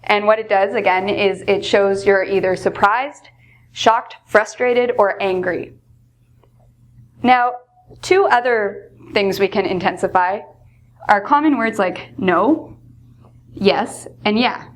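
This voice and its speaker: A woman gives an English lesson in a voice of middling pitch. She explains each phrase patiently, then acts out example lines with lively emphasis. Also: takes it slowly, a little hiss or hum. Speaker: English teacher.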